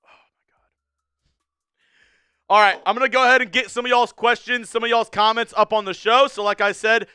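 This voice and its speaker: A young man hosting a live sports talk stream, chatting casually and ranting with a fan's animated energy. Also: very high voice, fast talker, few pauses, smooth, no room sound, studio quality. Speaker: sports show host.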